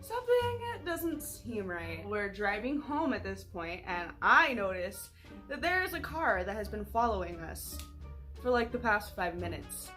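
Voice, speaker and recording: A woman's voice: mid-range voice, lively intonation, measured pace, sharp tone, faint music behind. A young woman telling a casual storytime vlog, chatty and profane with lots of "like.". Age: young adult. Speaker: vlogger.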